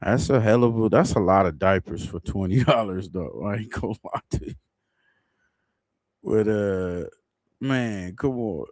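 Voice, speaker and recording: A man with a fairly low voice hosts a livestream and rambles through casual commentary. He laughs at his own jokes now and then. The sound is dry and close, with no room around it. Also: expressive, measured pace, darkish tone, dry recording. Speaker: livestream host.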